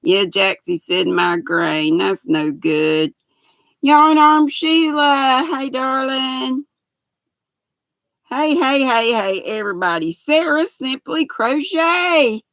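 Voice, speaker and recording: An older woman from the greets her viewers one by one at a slow, unhurried pace. Her voice is gravelly and a bit high, and the sound is close and dry with no room echo. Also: animated, a bit bright. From United States. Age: 60s. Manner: greets viewers by name, reads chat aloud. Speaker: livestream host. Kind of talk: casual livestream chat.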